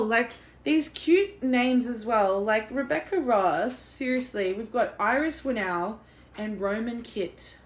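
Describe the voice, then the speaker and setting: An Australian woman talking in a casual chat about books she loves, gushing and excitable, and she swears freely. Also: on the high side, takes it slowly. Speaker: book vlogger. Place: at home with her cat.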